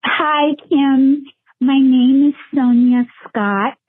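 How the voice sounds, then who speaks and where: A woman's voice: high-pitched, very slow, husky, dry recording. A woman caller leaving a heartfelt, chatty voicemail. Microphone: phone. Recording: tinny phone line voicemail.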